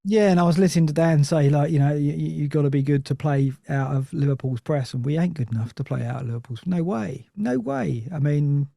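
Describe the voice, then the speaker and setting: A man's voice: a little high, steady tone, fast, creaky, hardly any pauses, warm tone, dry recording, clean studio sound. A man chatting on a football podcast, rambling and restarting his sentences often. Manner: rambling, self-interrupting, many restarts. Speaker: Nottingham Forest fan guest. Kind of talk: casual podcast chat.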